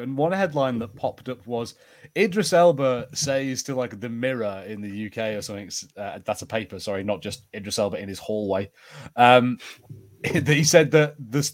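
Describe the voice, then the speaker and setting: A man's voice: medium pitch, moderate pace. A man co-hosting a podcast, chatting casually with frequent laughs and hesitant ums. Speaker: podcast co-host.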